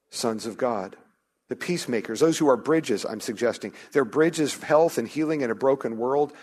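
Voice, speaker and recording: A male pastor delivers a sermon in a voice of ordinary middle pitch. He speaks earnestly, stumbling and restarting sentences, then lifts his voice to press home a key line. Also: a little mellow. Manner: earnest, with frequent restarts and rising emphasis on key phrases.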